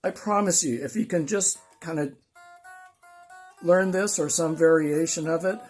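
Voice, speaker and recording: A man's voice: fairly high pitch, unhurried. An older man teaching guitar in a casual, rambling, self-deprecating way, with guitar playing behind him.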